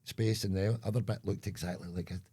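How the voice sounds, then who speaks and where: A deep, gravelly older Scottish man chats on a podcast. His voice is dark and a bit husky, and he rambles from one story to the next, putting on voices for the people in them. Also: steady tone, brisk. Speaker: co-host. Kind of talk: casual chat.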